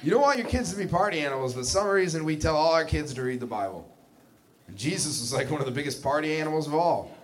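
Male stand-up comic, slightly high voice, lively swings, wry and sarcastic. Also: fast. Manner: wry, conversational, with sarcastic asides. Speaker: stand-up comedian. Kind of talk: stand-up comedy set.

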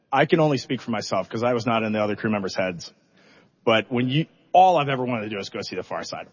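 A middle-aged man, a spacecraft commander, telling stories in a public interview, animated and self-deprecating, acting out his own reactions and at times holding back tears. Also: medium pitch, dull audio.

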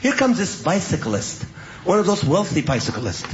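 A man doing a stand-up comedy routine, telling an animated story. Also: high-pitched, normal speed. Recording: lo-fi clip with background noise.

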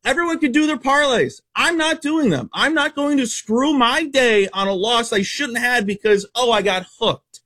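A man working as a sports betting analyst, reeling off stats quickly and giving emphatic, opinionated takes in casual radio talk. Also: very high voice, lively intonation, sharp tone. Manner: rapid-fire stat-heavy, emphatic and opinionated.

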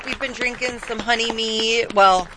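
A woman's voice: a little high, fairly even intonation, measured pace, a crowd in the background, background noise. A woman chatting as a studio guest, chatty and a little unsure of herself. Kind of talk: casual studio chat.

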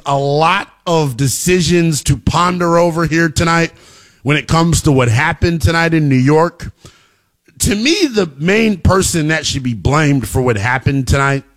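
A man hosting a sports talk radio show, delivering an emphatic monologue that rises to shouting at its peaks. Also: on the high side.

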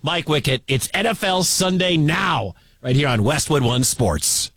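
Male radio play-by-play caller, bright high voice, excitable. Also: a little slow, very noisy. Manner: excitable, building to shouts at big plays. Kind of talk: live football radio commentary.

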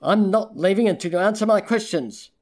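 A man's voice: sits high, expressive, a little fast, a little mellow, pitched above the performer's own voice. A man reading the lines of a whining, petulant male lawyer in an audiobook.

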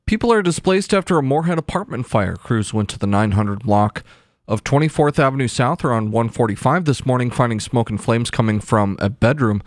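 A man reads the local news on the radio in a steady, clipped cadence. His voice sits close and dry on a studio mic, with a mid-range pitch. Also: fairly quick, dry recording. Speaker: news anchor. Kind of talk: radio newscast.

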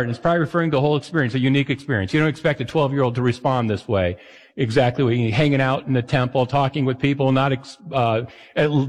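A man pastor preaching a conversational sermon, often asking his listeners questions. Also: medium pitch. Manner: conversational, asks the audience questions. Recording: long hall reverb.

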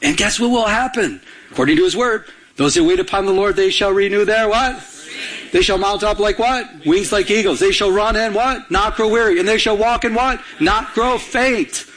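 A man's voice: sits high, normal speed, a bit bright. A male pastor preaching a sermon with urgency, repeating lines and prompting the congregation to answer. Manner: urgent, repetitive, call-and-response preaching.

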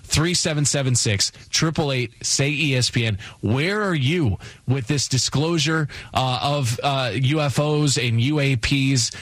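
A man hosting a radio talk show in a studio, energetic and excitable as he takes calls. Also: mid-range voice, measured pace, few pauses, no echo. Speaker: radio host.

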